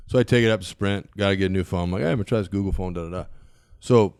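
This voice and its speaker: A man's voice: sits low, rapid-fire, darkish tone, clear, resonant tone, dry recording, clean studio sound. A man in his forties, a podcast guest, telling a story and acting out both sides of the conversation.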